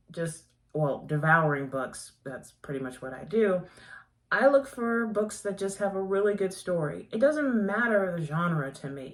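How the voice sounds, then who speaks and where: A woman reviewing books in a casual, chatty way. She gushes with enthusiasm and laughs often. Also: fairly low pitch. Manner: gushing, chatty, quick to laugh. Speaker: book reviewer. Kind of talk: casual book review chat.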